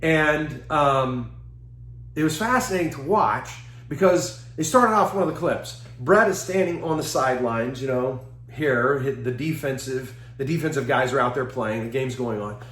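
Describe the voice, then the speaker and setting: A man giving a seminar talk, telling lively anecdotes with chuckles and acting out what people said. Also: mid-range voice, normal speed, reverberant. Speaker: seminar speaker.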